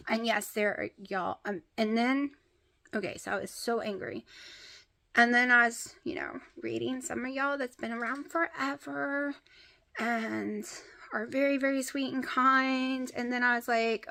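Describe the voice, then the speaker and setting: A woman with a drawl chats to her viewers from home. Her voice sits a touch high and wavers close to tears as she rambles on. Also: steady tone, a little slow, creaky, fairly bright tone. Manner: emotional, rambling, addresses viewers as y'all. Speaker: vlogger. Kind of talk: casual vlog chat.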